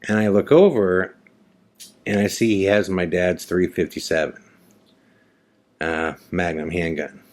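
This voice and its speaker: A man's voice: low voice, unhurried, long pauses. A man hosting a podcast, telling a personal story in a casual, conversational way with many fillers and restarts. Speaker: podcast host.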